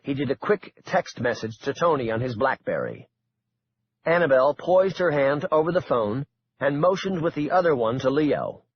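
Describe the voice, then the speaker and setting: A man narrating a suspense audiobook in an expressive, dramatic way. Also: medium pitch, moderate pace, breathy edge, muffled recording.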